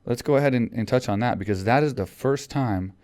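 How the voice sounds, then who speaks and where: A man's voice: medium pitch, a little fast, darkish tone. A man hosting a podcast in casual chat, rambling with lots of fillers and restarts. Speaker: podcast host.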